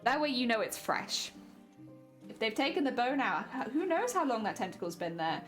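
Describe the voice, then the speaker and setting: Bubbly girl chatting on stream, kinda high voice, lil bit of music behind. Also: sing-song, normal speed. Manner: giggly, playful, chatty. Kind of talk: casual chat with viewers while crafting.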